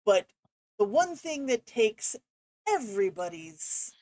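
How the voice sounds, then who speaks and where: A woman's voice: mid-range voice, sing-song, slow pace, darkish tone, no echo, studio quality. A woman running a tabletop game as game master, talking casually with many fillers.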